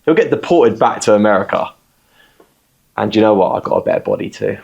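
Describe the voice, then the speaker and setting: A man's voice: fairly low pitch, expressive, a little fast, vocal fry, darkish tone, muffled recording. A man teasing a friend in a recorded message. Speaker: guest musician.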